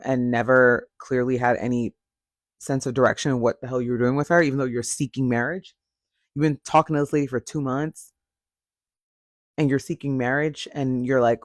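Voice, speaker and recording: A man's voice: medium pitch, brisk, dry recording, studio quality. A man giving a blunt, sassy and profane casual recap of a reality TV show.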